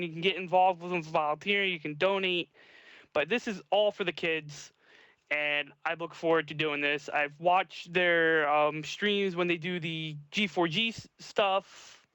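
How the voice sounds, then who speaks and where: A man co-hosting a livestream, talking loudly and enthusiastically in casual chat. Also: a little high, clean tone, no echo. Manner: loud, quick, enthusiastic. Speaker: stream co-host.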